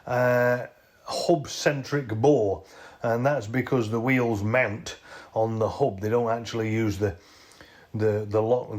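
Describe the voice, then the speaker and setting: A man filming himself beside a jacked-up off-roader, talking through his work in a rambling, self-correcting way on a handheld camera. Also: mid-range voice. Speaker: vehicle owner showing his work. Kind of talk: casual hands-on how-to vlog. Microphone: handheld camera he films with himself.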